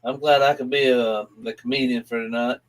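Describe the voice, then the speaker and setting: A man's voice: medium pitch, fairly even intonation, fairly quick. A man with an Alabama accent, a guest on a casual livestream, talking in an easygoing, joking way.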